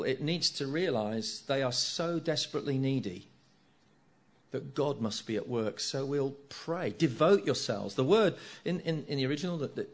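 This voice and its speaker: A middle-aged man preaching a sermon, earnest, repeating key phrases and asking rhetorical tag questions. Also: fairly high pitch.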